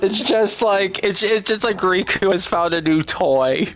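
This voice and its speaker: A man's voice: high voice, unhurried, fairly bright tone, a little hiss or hum. A man hosting a gaming stream, chatting casually and exclaiming often. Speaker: stream host. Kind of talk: casual chat.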